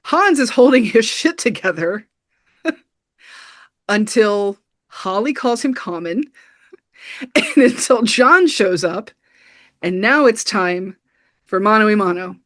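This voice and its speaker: A woman's voice: mid-range voice, animated, takes it slowly, pauses often, fairly bright tone. A woman co-hosting a podcast, casually recapping a film scene by scene with lots of "you know" fillers. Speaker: podcast co-host. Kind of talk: casual film review chat.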